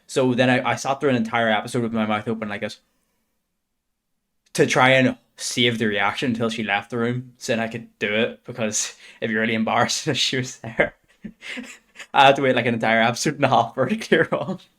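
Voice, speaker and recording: A man's voice: mid-range voice, steady tone, a little fast, fairly bright tone. A man in his twenties chatting casually and hesitantly on a reaction stream. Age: 20s. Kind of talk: casual chat.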